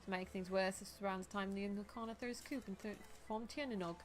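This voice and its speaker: A woman's voice: mid-range voice, fairly even intonation, quick pace, close to an everyday voice. A woman voicing a tough, brash female mercenary with a shotgun, putting on a swaggering, blunt accent. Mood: gruff storytelling.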